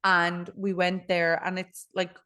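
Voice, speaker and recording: Podcast co-host: young woman, slightly low voice, lively storyteller. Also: slow pace. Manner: animated storytelling, laughing often. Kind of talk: casual chat.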